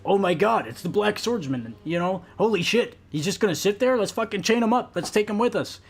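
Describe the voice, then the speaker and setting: Man playing startled soldiers, pitched up, incredulous. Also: expressive, fairly quick, slightly rough, exaggerated voice. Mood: astonished. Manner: incredulous, exclaiming. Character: excited male soldiers finding a broken warrior.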